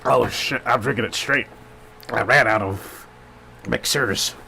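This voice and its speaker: A man's voice: mid-range voice, creaky, pushed and bright, slight background noise. A man from Arkansas with a Southern accent, streaming alone and rambling casually with a lot of swearing. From Arkansas, USA. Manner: rambling, profane, unhurried. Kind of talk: rambling live-stream monologue.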